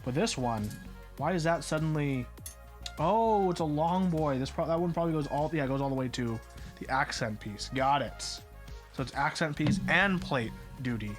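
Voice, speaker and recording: A man's voice: fairly high pitch, animated, moderate pace, soft background music. A man streaming live, chatting casually and muttering puzzled asides to himself as he works. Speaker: streamer building a keyboard.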